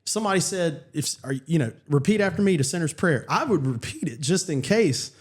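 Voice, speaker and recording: A man, a pastor, telling his personal story in casual conversation, earnest and halting with many restarts. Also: on the high side, expressive, breathy edge. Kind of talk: personal testimony in casual chat.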